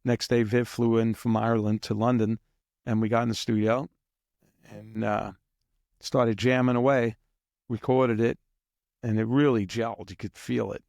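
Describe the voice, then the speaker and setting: A man with a gravelly, fry-laden voice tells story after story as an interview guest, rambling and chuckling and now and then imitating drum beats. The recording is dry and close, with no room sound. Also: medium pitch, level tone, moderate pace, long pauses, a little mellow, no echo. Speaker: guest drummer. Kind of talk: casual anecdotal storytelling.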